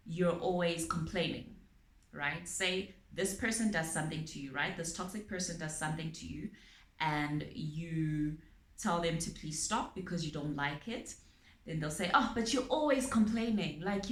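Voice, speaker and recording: A woman calmly explaining her topic to viewers, using everyday examples and frequent pauses and ums. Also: sits low. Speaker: channel host on abuse awareness. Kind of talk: explanatory talk to camera. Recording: echoey room.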